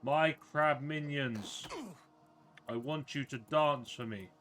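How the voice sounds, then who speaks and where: A man's voice: slow, a bit bright. A man voicing a pompous self-crowned male wizard who bellows commands at his crab minions, improvised while gaming. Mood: grandiose commanding. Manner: booming, grandiose proclamations.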